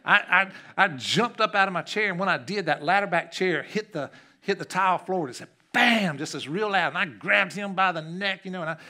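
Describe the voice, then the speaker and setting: A middle-aged male pastor delivers a sermon in a church. His voice is bright and forward. He tells stories, rising to loud, animated peaks and dropping to soft, quiet passages. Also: high voice, a little fast. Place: church sanctuary.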